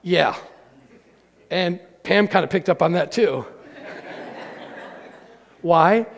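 A middle-aged man preaching in a church auditorium, with a voice set high for a man. It has a gravelly edge and a long hall reverb behind it. He moves between storytelling and acting out quoted voices. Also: slow, pauses often. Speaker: pastor. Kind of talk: sermon.

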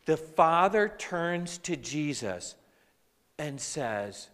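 Animated preacher in a reverberant hall. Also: male voice, fairly high pitch, drawn-out words. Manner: animated preaching, with asides to the congregation. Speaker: pastor. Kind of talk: sermon.

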